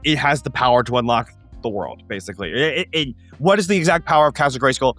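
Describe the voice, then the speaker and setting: A man hosting a tabletop gaming show, explaining ideas in an animated, casual way with quick asides. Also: mid-range voice, faint music behind.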